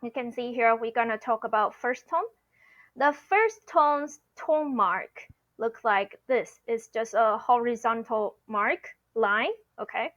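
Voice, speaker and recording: Slow-talking teacher woman. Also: on the high side, a bit bright, dull audio. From Taiwan. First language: Mandarin. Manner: patient, explaining step by step with frequent "okay?". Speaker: Mandarin teacher. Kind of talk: online language lesson.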